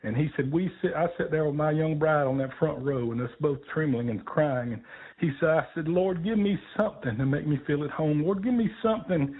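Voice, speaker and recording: A man's voice: fairly high pitch, fairly quick, slightly rough. An older man, a gospel songwriter, telling stories on a radio show, emotional and laughing often. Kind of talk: heartfelt storytelling on a radio call-in. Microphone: phone. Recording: tinny phone line.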